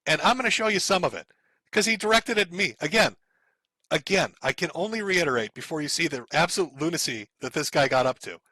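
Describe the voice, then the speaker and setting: High-voiced guy on stream, snarky and cussing, laughs a lot, dry close sound. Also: lively intonation, a little fast, pushed and bright, no echo, rough recording. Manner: sarcastic, profane, chuckles often. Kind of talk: mocking stream commentary reading out posts.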